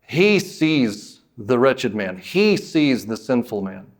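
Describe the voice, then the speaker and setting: A man from the United States preaching a sermon as pastor, emphatic, drawing out words and lifting suddenly in pitch and volume, with folksy asides. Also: very animated, takes it slowly.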